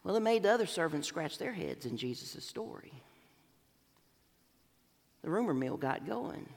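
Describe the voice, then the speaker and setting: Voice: mid-range voice, very animated, moderate pace, gravelly. A pastor preaching a sermon, telling a parable and acting out its voices, in a church sanctuary. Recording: long hall reverb.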